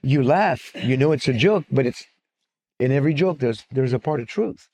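A man's voice: mid-range voice, lively intonation, normal speed, a little mellow. A man giving a live talk with slides at a fixed microphone, speaking conversationally with frequent fillers, restarts and digressions.

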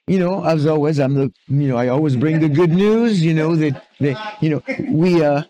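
A man's voice: fairly high pitch, moderate pace, warm tone, dull audio. A man speaking as a guest speaker in a church, giving a chatty talk full of jokes and restarts, into a wired microphone. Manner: chatty, many fillers and restarts.

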